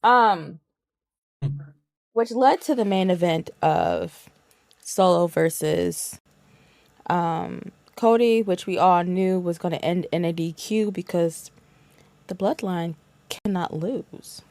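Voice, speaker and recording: Woman co-host, pitched a bit low, casual and profane, dry recording. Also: slow pace, a little mellow, no room sound. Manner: loose, profane, lots of filler ums. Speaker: podcast co-host. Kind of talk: casual wrestling chat.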